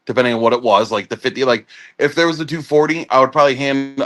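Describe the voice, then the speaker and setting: A man's voice: medium pitch, steady tone, fast, fairly bright tone. Joking man explaining army gear. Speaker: army veteran co-host. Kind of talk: casual chat.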